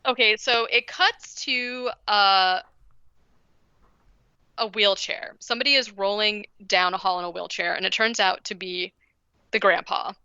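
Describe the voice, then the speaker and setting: A woman's voice: medium pitch, fairly even intonation, unhurried, pushed and bright, smooth, dry recording, highs cut off. A woman co-hosting a podcast, casually retelling a movie plot in a rambling way full of "like" and "basically". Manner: rambling, heavy use of "like". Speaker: podcast co-host.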